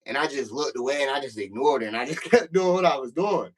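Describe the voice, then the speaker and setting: A man's voice: medium pitch, expressive, quick pace, breathy edge. A man telling a prison story in casual, profane talk, acting out the voices in the quotes.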